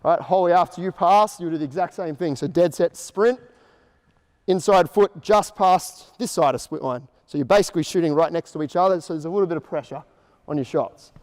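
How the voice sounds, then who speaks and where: A man's voice: fairly high pitch, darkish tone. Male coach in an echoey gym. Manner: explains drills in short casual instructions, then calls out quick drill cues. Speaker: basketball coach. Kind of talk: coaching clinic instruction. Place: indoor basketball court. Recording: echoey gym hall reverb.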